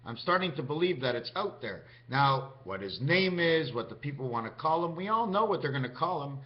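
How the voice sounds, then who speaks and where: A man's voice: on the high side, big pitch swings, brisk. A man vlogging in a rambling, free-associating monologue, musing aloud as he goes. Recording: dull lo-fi recording.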